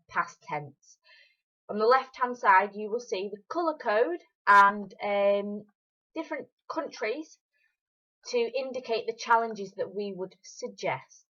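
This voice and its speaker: A woman Spanish teacher giving a recorded lesson to her pupils, cheerful and encouraging, saying phrases slowly and then quickly. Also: medium pitch, a bit bright, highs cut off.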